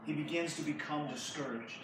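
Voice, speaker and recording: High-voiced man telling a Bible story. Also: fairly quick. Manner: lively, slangy retelling. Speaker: youth pastor. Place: church hall. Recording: echoey hall from far off, faint noise.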